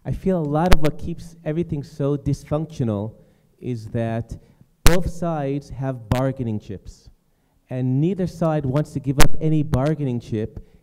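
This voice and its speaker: A man on a panel giving a short, measured response, reasoning through his point with small restarts. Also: on the high side. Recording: noisy recording.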